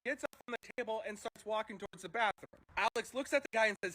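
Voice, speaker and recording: Animated, swearing streamer telling a story. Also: mid-range voice, fast, few pauses, poor audio. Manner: animated, profane, laughs easily. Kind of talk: reading a funny story aloud on a live stream.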